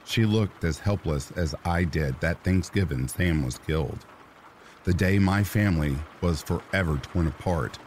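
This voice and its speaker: Deep, unhurried male horror narrator, somber delivery, soft rain underneath. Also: a little hiss or hum. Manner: slow, somber storytelling. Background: rain sounds.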